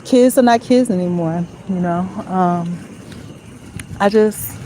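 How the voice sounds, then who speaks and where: A woman's voice: lowish voice, slow, warm tone, a little hiss or hum, rough recording. A woman talking to her phone while walking outdoors at night, in a reflective, conversational way full of "you know". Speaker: vlogger. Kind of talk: casual walk-and-talk monologue.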